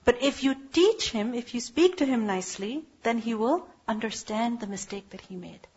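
Husky woman giving an earnest religious lecture. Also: a little high, expressive, normal speed, darkish tone, dull audio. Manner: earnest, emphatic, with rhetorical questions. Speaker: Islamic teacher.

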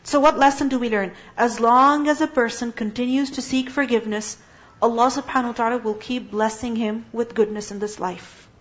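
High-voiced woman teaching Quran. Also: fairly even intonation, a little fast. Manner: asks rhetorical questions, acts out little dialogues; recites Arabic verses. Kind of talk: religious lecture. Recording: slightly muffled lo-fi audio.

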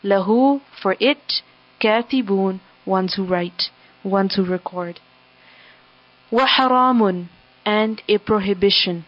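A woman reciting scripture word by word, giving an English gloss after each phrase in a measured, halting delivery. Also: medium pitch. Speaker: scripture reader and translator. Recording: dull, dry lo-fi recording.

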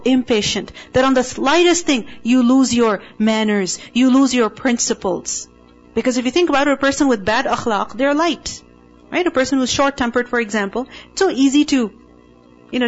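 A woman's voice: fairly high pitch, highs cut off. A woman teaching the meaning of a Quranic word to a class, speaking emphatically and checking in with rhetorical questions.

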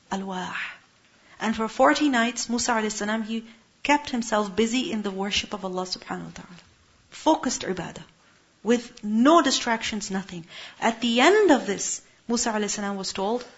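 Woman teaching a Quran lesson, muffled sound. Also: medium pitch. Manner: explains Arabic words, asks questions to the class. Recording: muffled lo-fi recording.

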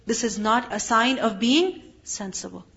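A woman giving an earnest religious lecture, rising sharply in pitch when she stresses a point. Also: expressive, a little slow, creaky, fairly bright tone. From abroad, living in Canada. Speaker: Islamic teacher. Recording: dull lo-fi recording.

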